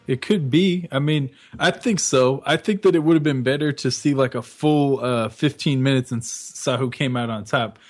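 A man co-hosting a sports radio show in casual chat, hesitant and full of fillers as he weighs his views. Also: mid-range voice. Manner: hesitant, filler-heavy, measured opinions. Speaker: radio co-host.

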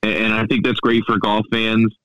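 A man from the Baltimore area chatting casually on a podcast, relaxed and full of fillers and restarts. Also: on the low side, normal speed, poor audio. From Baltimore area, USA. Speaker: golf podcaster and radio station founder.

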